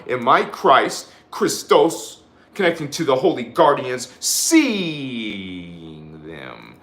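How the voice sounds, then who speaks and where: A man's voice: medium pitch, fairly bright tone, echoey room. A man giving a live spiritual sermon, emphatic and repetitive, leading the listeners in chanted affirmations and often restarting his sentences. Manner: rambling with frequent restarts. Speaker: spiritual teacher hosting a live show.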